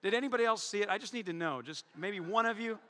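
A married man preaching a sermon to his congregation, joking and swinging between loud calls and hushed asides. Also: sits high, quick pace. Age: adult, married. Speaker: pastor. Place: church hall before a congregation. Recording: long hall reverb.

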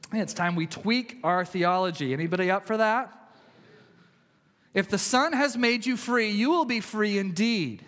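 A male pastor preaching a sermon in a conversational way, swinging from loud emphasis to hushed, quiet passages. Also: high-pitched, moderate pace, in a large hall.

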